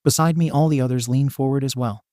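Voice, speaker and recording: Man, steady first-person story reading, dry close voice, mid pitch. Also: fast, no echo. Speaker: narrator. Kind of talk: reading fan fiction aloud.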